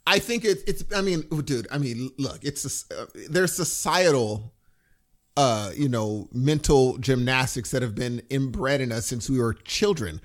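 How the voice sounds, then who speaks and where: A man's voice: mid-range voice, measured pace. A middle-aged man co-hosting a podcast, chatting casually and acting out what people would say. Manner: animated, acts out quoted voices. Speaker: podcast co-host. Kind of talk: casual chat.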